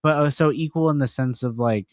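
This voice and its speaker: A man's voice: medium pitch, fairly quick, no room sound. Hesitant young man in his twenties. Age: 20s. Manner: hesitant, rambling answers. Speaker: new co-host. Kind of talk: casual podcast banter.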